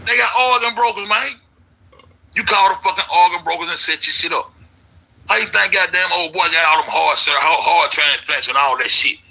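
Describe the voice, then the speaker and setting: A man's voice: a little high, a little fast, vocal fry, pushed and bright, husky, poor audio. A man ranting in a casual, profane, rambling way, repeating himself as an internet commentator. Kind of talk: casual conspiracy rant.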